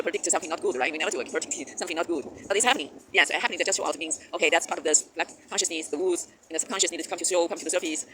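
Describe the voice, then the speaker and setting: A man giving a spiritual monologue as host of his channel, halting with many fillers and restarts and laughing often. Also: fairly high pitch. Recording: noisy background hiss.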